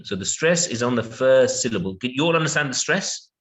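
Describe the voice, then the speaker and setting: A man giving an online English lesson in an everyday mid-range voice. He talks patiently, drawing words out and filling the pauses with yeah and okay while he checks that his students follow. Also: mid-range voice, animated, a bit bright. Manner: patient, repeats words slowly with many yeahs and okays. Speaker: English teacher.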